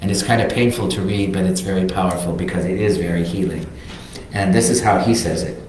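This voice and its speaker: A man's voice: low-pitched, fairly quick, darkish tone, a little hiss or hum. An older man giving a reflective, earnest sermon as a minister, reading quotes aloud. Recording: very echoey sanctuary.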